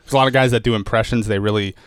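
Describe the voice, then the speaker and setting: Easygoing low-voiced man, smooth tone. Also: steady tone, very fast, dry recording, studio quality. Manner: easygoing, rambling with restarts. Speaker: stand-up comedian guest. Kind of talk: casual podcast chat.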